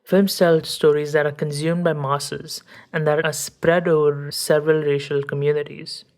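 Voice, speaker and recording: Low, even-voiced woman reading an essay. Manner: measured, academic reading. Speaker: podcast host.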